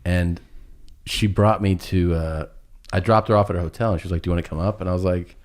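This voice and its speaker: A middle-aged man telling a long, funny personal story on a podcast. He laughs through it and pauses often. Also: low voice, fairly even intonation, a little mellow. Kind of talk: casual storytelling chat.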